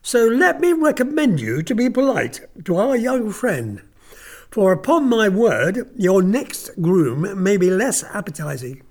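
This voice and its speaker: A sarcastic old aristocrat, voiced by a reader, speaks with icy courtesy. His pitch rises and falls freely, full of contempt. It is a dramatic reading of a classic tale. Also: big pitch swings, unhurried. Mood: coldly mocking. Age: older. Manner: icy, mocking politeness. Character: stern old nobleman, coldly sarcastic uncle.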